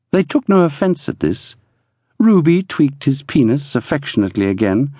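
A man narrating a novel in a measured, descriptive reading, recorded close in a studio. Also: mid-range voice, sing-song, mellow, no room sound. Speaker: audiobook narrator. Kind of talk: scripted narration. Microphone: close studio mic.

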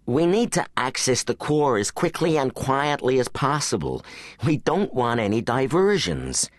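A man voicing a calm, serious teenage boy spy leading a mission, in an audiobook. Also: mid-range voice, unhurried, dry recording, pitched above the performer's own voice. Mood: calm, dry. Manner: controlled and dry.

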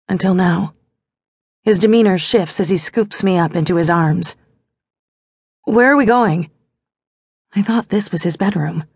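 Woman audiobook narrator, first person, wry and intimate, low-ish breathy voice, dry close mic. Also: a little mellow, dry recording.

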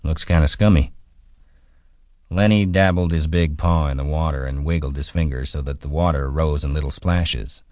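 A man reading a novel aloud as an audiobook narrator, calm and measured, on a close studio mic. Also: rumbling low, no room sound. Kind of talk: scripted narration.

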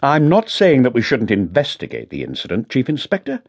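A man's voice: mid-range voice, huge pitch swings, a little fast, voice pushed up. A man voicing a pompous, prickly senior male police chief in an audiobook. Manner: pompous, snappish.

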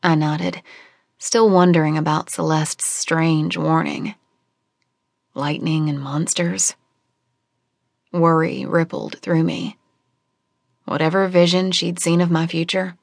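Woman audiobook narrator, first-person narration, steady measured delivery, slow pace, dry close studio sound. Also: sits low, gravelly, dry recording. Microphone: close studio microphone.

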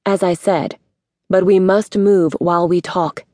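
A woman voicing a secretive woman spy who speaks calmly and formally without contractions, in a dry recording. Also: on the low side, a little slow, no room sound, close to an everyday voice.

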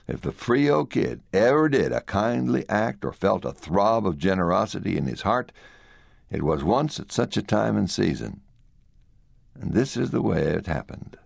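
A man narrating a classic story for an audiobook in a measured storytelling manner, recorded on a close studio mic. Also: deep voice, vocal fry, darkish tone, no room sound. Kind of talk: scripted narration.

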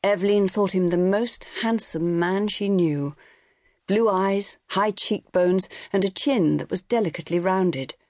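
A woman narrating an abridged audiobook novel in a measured storytelling manner. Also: medium pitch, darkish tone, no room sound, clean studio sound.

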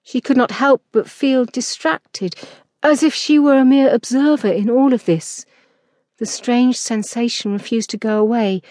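A woman narrating a historical romance audiobook in a measured, expressive reading. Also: a little high, dry recording, studio quality.

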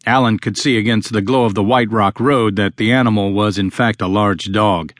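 A man narrating a novel as an audiobook, reading steadily and in a measured way. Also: on the low side, fairly even intonation, no room sound. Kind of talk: scripted narration.

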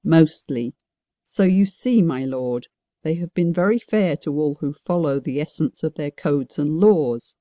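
A grave old wizard who lays out the law with solemn patience, as a woman narrator voices him. The tone is mellow and warm, recorded dry and close. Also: low-pitched, lively intonation, unhurried, no echo. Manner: solemn, explaining.

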